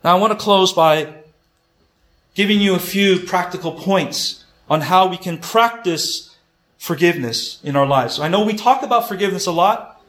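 Man, sermon, emphatic storytelling, high pitch, roomy echo. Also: moderate pace, a bit bright. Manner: earnest, emphatic, repeats key points. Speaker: preacher. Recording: echoey room.

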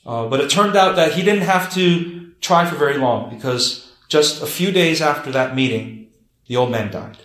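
A man preaching as a pastor, telling a story in an earnest way and dropping soft and low for emphasis. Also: normal speed. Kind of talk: storytelling sermon. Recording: roomy echo.

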